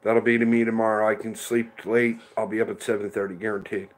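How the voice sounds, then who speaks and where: A man's voice: fairly low pitch, flat delivery, brisk. A middle-aged man hosting a casual livestream, chatting rambly and answering viewers by name. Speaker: livestream host reading chat.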